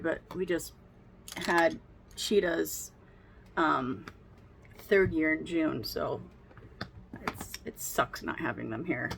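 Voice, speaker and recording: A beauty vlogger with a fairly low, gravelly voice chats casually at home while doing her makeup, in a rambling get-ready-with-me style full of laughs. There's a little hiss or hum on the recording.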